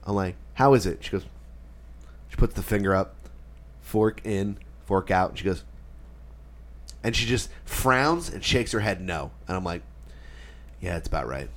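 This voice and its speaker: A man's voice: sits low, measured pace, pauses often. A man co-hosting a podcast, telling a dinner story in casual chat and acting out the quotes. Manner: animated storyteller acting out quotes, swears freely. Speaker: podcast co-host.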